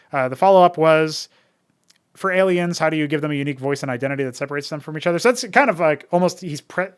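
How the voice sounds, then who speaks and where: Rambling American man, fairly high voice. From United States. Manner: rambling, many fillers and restarts. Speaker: podcast host and modder. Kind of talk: casual solo talk.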